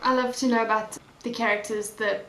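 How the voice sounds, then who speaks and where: A woman's voice: fairly high pitch, fairly even intonation, a little fast. A young woman chatting casually about movies on her vlog, bubbly and emphatic, often laughing. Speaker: movie vlogger. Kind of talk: casual chat. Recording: echoey room with loud music.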